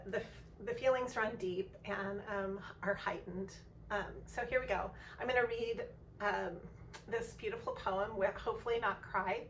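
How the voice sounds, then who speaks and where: A rambling, soft-hearted woman talks through a tarot reading in a casual vlog, filling her pauses with ums. Her voice sits a little away from the mic, with a faint hiss of background noise. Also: mid-range voice, far from the mic, low-quality recording. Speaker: tarot reader.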